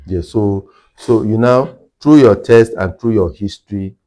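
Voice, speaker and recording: A man's voice: lowish voice, measured pace, warm tone. A man working as a hearing care clinician, explaining in an interview and repeating his key points for emphasis.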